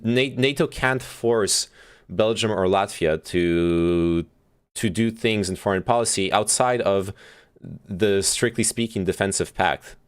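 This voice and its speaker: Man, deep voice, smooth and resonant, casual stream commentary, halting, lots of ums and restarts. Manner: halting, many fillers and restarts, thinking aloud. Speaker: streamer host. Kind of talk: casual commentary reacting to a played speech.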